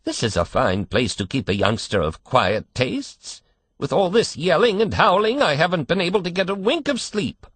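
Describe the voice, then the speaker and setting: A cracked, whiny old man, put on by a male reader, grumbling and complaining from his crib. His quavering voice jumps high above the reader's own, swoops all over, and sounds husky. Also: big pitch swings, normal speed, fairly bright tone, no room sound, full character voice. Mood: querulous.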